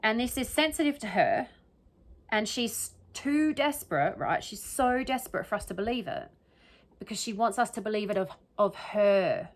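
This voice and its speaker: A true crime commentator speaks alone in a medium-pitched, expressive voice at normal speed. She casually picks apart the wording of an interview, thinking aloud and often checking in with "right?" and "okay?".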